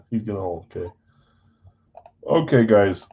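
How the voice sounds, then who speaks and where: A man's voice: fairly low pitch, slow, lo-fi sound, slight background noise. A man hosting a live stream, casually reading off trades and talking to buyers in a scattered, self-deprecating way. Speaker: card break host.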